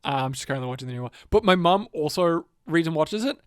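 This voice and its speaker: A man co-hosting a casual podcast, rambling and swearing, with loud comic outbursts. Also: fairly high pitch, animated, fast, clear, resonant tone, no room sound, studio quality. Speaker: podcast co-host. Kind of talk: casual banter.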